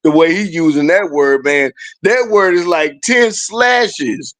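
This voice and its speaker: A man's voice: on the high side, slow pace, fairly bright tone. A man hosting a casual chat, telling stories animatedly and laughing often.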